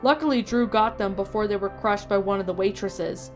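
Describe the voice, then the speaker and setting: Woman reading fan fiction out loud, steady voice, tiny slips, quiet music under. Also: mid-range voice, a little fast. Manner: steady storytelling with small slips. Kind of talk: reading a story aloud. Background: faint music.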